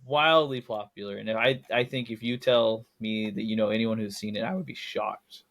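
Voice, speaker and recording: A man's voice: on the low side, fairly even intonation, a little fast, vocal fry. A young man co-hosting a casual film podcast, rambling and correcting himself, laughing at his own jokes. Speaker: podcast co-host.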